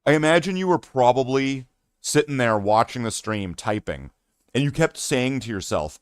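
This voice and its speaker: A man's voice: medium pitch, expressive, moderate pace, smooth, dry recording, clean studio sound. A man chatting casually on a hobby live stream, rambling and joking at himself with many fillers and restarts. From Canada.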